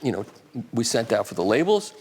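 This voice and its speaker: A man's voice: medium pitch, very animated, a little fast, a little mellow, slight background noise. Chatty man talking to a live audience. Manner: rambling, chatty, with restarts and asides. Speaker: guest speaker at a live audiophile talk. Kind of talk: casual talk answering audience questions. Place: hall at a live event.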